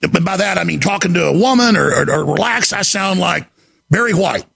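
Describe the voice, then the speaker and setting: A man hosting a talk radio show, delivering a frantic, desperate monologue that often breaks into shouting. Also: high-pitched, animated, a little fast, creaky, husky. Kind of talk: impassioned on-air monologue.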